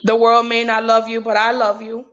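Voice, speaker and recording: A woman's voice: on the high side, completely flat delivery, moderate pace, a bit bright. A woman talking as a podcast guest, heartfelt and emphatic, repeating her points for weight. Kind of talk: casual podcast talk. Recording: dull lo-fi audio.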